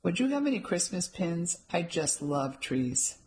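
A woman's voice: fairly low pitch, very animated, a little slow, a little mellow. Woman reading as a wry, theatrical friend.

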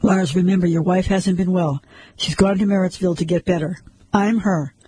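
A man voicing a calm, controlling woman who gives firm, steady instructions. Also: high voice, normal speed, breathy edge.

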